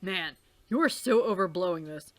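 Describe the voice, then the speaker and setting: A woman voicing a cool, deadpan teenage boy who talks low and flat. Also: normal speed, close to an everyday voice.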